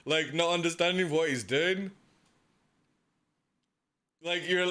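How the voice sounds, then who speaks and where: Male streamer, casual live reaction, swears a lot; bright, lively, slightly high voice. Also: unhurried, pauses often. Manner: excitable, swears freely, laughs often.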